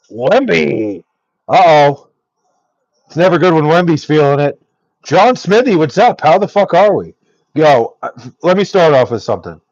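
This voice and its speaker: A man's voice: on the high side, a little mellow, no echo, lo-fi sound. A young man chatting casually on a livestream, reading chat aloud, loose and profane with lots of ums.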